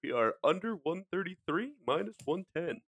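A man's voice: sits high, big pitch swings, normal speed, fairly bright tone, husky. A man in casual podcast banter, joking and laughing often as a co-host giving betting picks.

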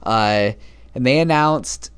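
A man co-hosting a podcast, relaxed and joking as he moves on to the news. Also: medium pitch, slow pace, smooth. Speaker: podcast co-host. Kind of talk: casual podcast chat.

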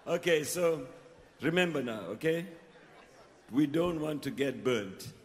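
A man's voice: on the high side, expressive, measured pace, a little hiss or hum. A man talking to a festival crowd from the stage between songs, telling a story with chuckles and coaching the audience. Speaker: performing musician. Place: concert stage at an outdoor festival. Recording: live concert in a reverberant venue. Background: band and music playing.

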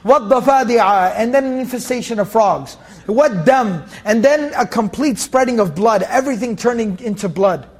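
A man with a strikingly high voice teaches a Quran tafseer lesson in a relaxed, conversational way. He leans on everyday analogies and casual fillers, and repeats phrases for emphasis. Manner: recites verses in a quick chanted cadence.

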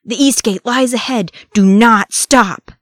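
A woman voicing a commanding male dwarf who roars and shouts in an audiobook reading. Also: on the high side, unhurried, no room sound, studio quality, pitched above the performer's own voice. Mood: urgent. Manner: roaring, shouting.

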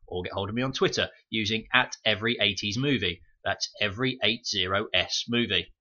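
A man's voice: fairly low pitch, quick pace, hardly any pauses, pushed and bright. A man hosting a film podcast, reading scripted review notes with wry, sarcastic asides. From United Kingdom. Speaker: podcast host. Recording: muffled home microphone.

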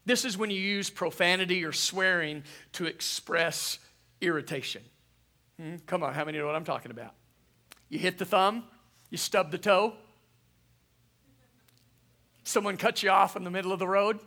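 A middle-aged man preaching a sermon as pastor, animated and calling out to the congregation for responses. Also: sits high, a little fast.

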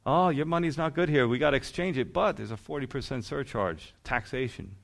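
A man's voice: mid-range voice, a little fast, vocal fry, a bit bright, pitched below the performer's own voice. A man voicing a greedy male temple merchant overcharging pilgrims, with smug, offhand sales patter.

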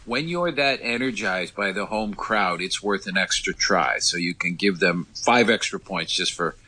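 A slightly hoarse man from Ireland, chatting as a radio correspondent, rambling with many fillers and restarts. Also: low-pitched, moderate pace, bright, forceful tone. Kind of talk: casual radio phone interview.

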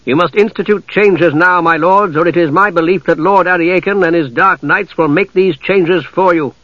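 A narrator puts on a grave warrior pleading urgently with proud knights, his voice lifted higher and pressed harder than the narration. The storybook reading sounds dull and dry, with the close, dead quality of a small booth. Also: moderate pace, no room sound, close to an everyday voice. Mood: urgent warning. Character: grave male warrior warning stern knights.

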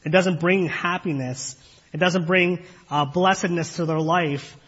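A man with a slightly husky, somewhat high voice preaches an earnest sermon. He talks in a measured way, stops on fillers and keeps putting questions to his listeners. The recording sounds dull and lo-fi. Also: fairly bright tone.

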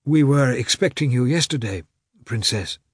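A man reading aloud, voicing a sickly, irritable male artist in a hoarse whisper. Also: medium pitch, lively intonation, normal speed, dry recording, studio quality, voice pushed up. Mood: polite.

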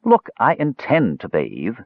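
A man voicing a panicky, fidgeting male dwarf juggler who blusters and frets in a high-pitched voice. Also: huge pitch swings, measured pace, slightly rough, no echo, full character voice. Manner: fretful, blustering, high-pitched when scared. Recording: dull dry lo-fi recording.

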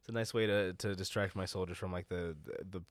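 A man with a fairly low voice chats loosely on a podcast. He rambles through a recap, laughs often, and breaks into goofy impressions. The sound is close and dry, with no room around it. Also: fairly even intonation, no echo. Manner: laughing, rambling, doing quick silly character voices. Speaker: podcast co-host. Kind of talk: casual chat recapping a show.

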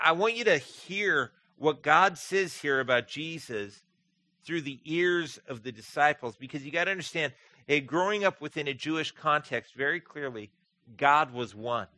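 A man preaching a sermon as pastor, earnest, rising to emphatic peaks and dropping low and quiet for scripture. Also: dry recording.

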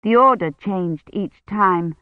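An audiobook narrator reading a novel in a measured, even manner. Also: mid-range voice, no room sound. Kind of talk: scripted narration. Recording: dry, dull lo-fi sound.

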